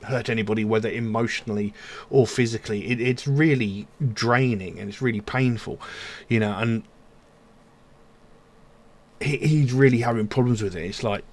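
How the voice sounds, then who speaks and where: A man's voice: mid-range voice, normal speed, pauses often, a little mellow. A man hosting a music reaction channel, talking through song lyrics in an earnest, rambling way with lots of fillers. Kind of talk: casual commentary on song lyrics.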